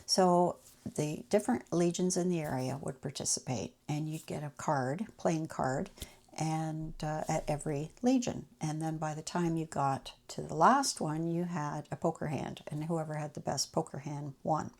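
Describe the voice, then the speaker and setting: A woman's voice: low voice, steady tone, normal speed, creaky, darkish tone. A woman telling personal travel stories in a chatty, anecdotal way. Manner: chatty, anecdotal, acts out quoted people. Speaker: channel host. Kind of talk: casual personal storytelling.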